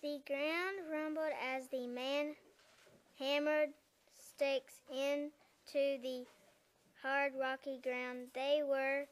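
A woman reading a class-written picture story aloud in a careful, halting way. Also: high-pitched, little pitch movement.

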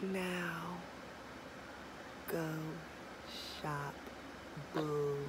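A young woman vlogging casually, talking, swinging between murmured asides and excited squeals. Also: sits low, drawn-out words, background noise. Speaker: small business owner launching an online store. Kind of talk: casual vlog chat.

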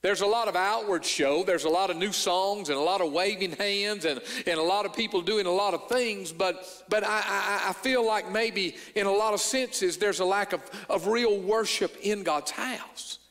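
A man's voice: high-pitched, moderate pace, hardly any pauses, fairly bright tone, in a large hall. A man preaching a sermon as a pastor, earnest, restarting and repeating words, rising in emphasis as he quotes scripture. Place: church sanctuary.

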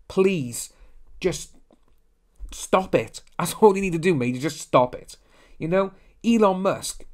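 A young man hosting a casual opinion commentary, talking bluntly and ranting, often mimicking others. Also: fairly high pitch. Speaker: commentary channel host.

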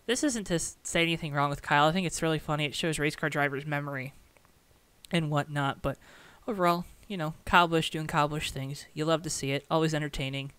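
A man's voice: fairly high pitch, quick pace, bright, forceful tone, clear, resonant tone, dry recording. A man talking casually over race footage as a commentator, joking, sarcastic and rambling. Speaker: racing video commentator.

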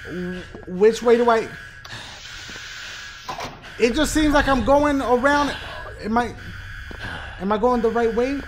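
A man doing loud, profane let's play commentary, jumping to shouts when scared. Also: very high-pitched, slow pace, long pauses, background noise. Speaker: gaming video host.

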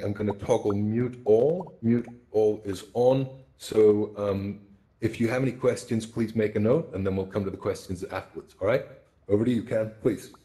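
A man's voice: fairly low pitch, mellow. A man hosting a live online conference session, introducing the speaker and explaining the housekeeping in a welcoming way. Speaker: session host.

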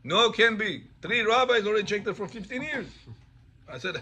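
A high-pitched man leads a class as a rabbi, telling stories and acting out each exchange. He delivers it with lively animation. The recording carries a clear layer of background noise. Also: normal speed. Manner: animated, acts out dialogue in stories. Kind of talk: storytelling Torah class.

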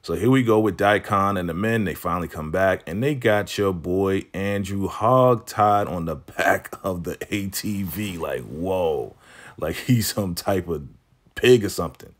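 Deep male voice, lively recap host who acts out the lines. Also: measured pace. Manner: animated storytelling, acts out quotes. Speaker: TV recap vlogger. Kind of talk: casual episode recap.

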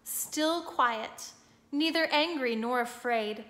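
A woman reading a storybook aloud with steady, expressive storytelling, now and then stopping to explain a picture. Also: high voice, takes it slowly. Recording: echoey room.

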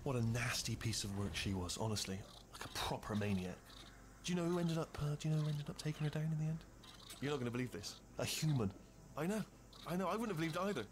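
A man's voice: a little high, quick pace, lightly acted. An actor voicing a nervous, rambling male robot sidekick in a video game. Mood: nervous chatter. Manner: rambling, nervous, self-correcting. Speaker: game character. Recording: game audio with steady background hum.

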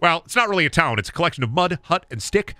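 A man's voice: a little high, very animated, fast talker, bright, forceful tone, no echo, full character voice. A man playing a cranky old-timey male naysayer who rants emphatically against new inventions. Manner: grumbling, emphatic ranting.

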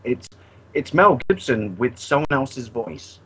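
A British man in casual podcast conversation, talking with animated, storytelling energy. His voice sits at an ordinary middle pitch. There is a faint hiss of noise behind him. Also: slow pace, rough recording. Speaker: podcast co-host. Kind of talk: casual chat.

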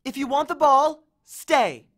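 A bossy teenage girl hero from a storybook, her voice pitched up high and swooping from sharp orders to soft promises, as a male reader puts her on. She barks commands at a monster dog with clipped authority. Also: animated, measured pace, full character voice. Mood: commanding.

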